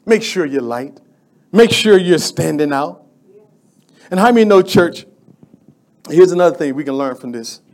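High-voiced fervent male preacher. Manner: fervent, conversational preaching with repeated phrases and call-outs to the church. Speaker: pastor. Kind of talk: sermon.

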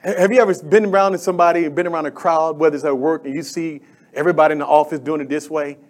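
A middle-aged pastor preaches a sermon with fervent, conversational energy, his voice sitting high for a man. At a quick pace and with fairly even intonation, he repeats phrases and calls out to the congregation as he builds his points.

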